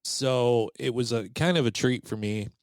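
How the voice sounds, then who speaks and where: A man's voice: mid-range voice, moderate pace, clear, resonant tone, dry recording. A man casually telling a story on a podcast, acting out the voices of the people in it. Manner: animated, acts out quoted voices. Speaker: podcast host.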